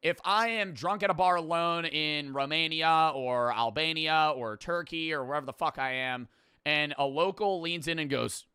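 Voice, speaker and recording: A man streaming, reacting to a quiz video in loud, profane, joking casual commentary. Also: on the high side, moderate pace, clear, resonant tone, no room sound, studio quality.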